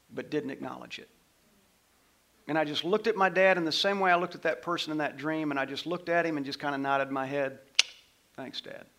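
A middle-aged man, a pastor, preaching a sermon and telling a story, swinging from loud passages to hushed ones. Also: fairly high pitch.

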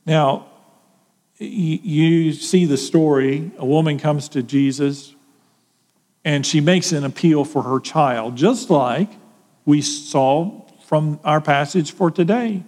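A man preaching a sermon, asking his congregation questions in an animated way. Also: on the high side, slow pace, long reverb tail. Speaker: pastor.

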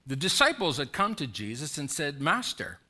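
A man's voice: a little high, big pitch swings, a little fast, bright, forceful tone. A man preaching a sermon as pastor, urging and pleading with his congregation through emphatic repeated questions.

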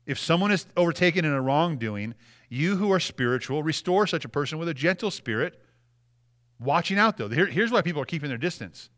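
A man's voice: fairly high pitch, lively intonation, a little fast, fairly bright tone. A man preaching a sermon with passion, often repeating words as he stresses a point. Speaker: pastor.

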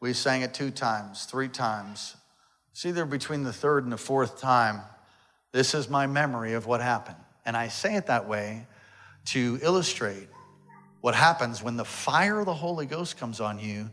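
A man, a pastor, telling a dramatic story in a sermon, swinging between loud excitement and hushed tones. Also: medium pitch, normal speed.

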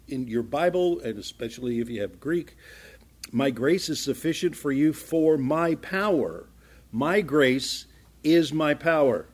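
A man's voice: medium pitch, husky. A man preaching a sermon in a conversational way, acting out small exchanges and building to fervent emphasis. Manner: conversational, acts out small dialogues, grows louder and more fervent. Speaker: pastor.

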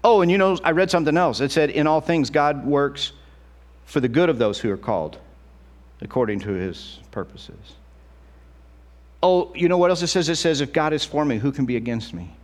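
A middle-aged male pastor preaching a sermon in an animated, conversational way, acting out quotes as he goes. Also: on the high side, normal speed.

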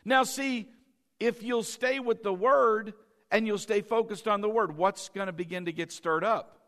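High, bright-voiced fervent male preacher. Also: fairly even intonation, normal speed. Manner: fervent, swings from soft to shouting. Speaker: pastor. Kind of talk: sermon.

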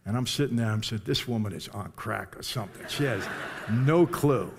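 A man's voice: lowish voice, lively intonation, moderate pace, vocal fry, background noise. An older man telling a personal testimony to an audience, in a conversational way with direct asides to the listeners. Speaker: speaker giving a personal testimony. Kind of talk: storytelling to a live audience.

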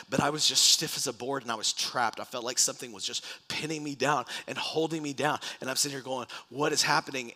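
Male pastor, bright and forceful, animated sermon storyteller who acts out scenes. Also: mid-range voice. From Texas. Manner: animated storytelling with dramatic re-enactments and restarts. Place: church in front of a congregation.

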